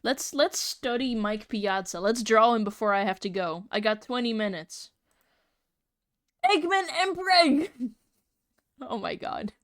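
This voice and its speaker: A woman's voice: mid-range voice, a little slow, fairly bright tone, no echo, studio quality. A young woman live-streaming as she draws, chatting casually in a giggly, rambling, playfully exasperated way. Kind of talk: casual live-stream chat while drawing.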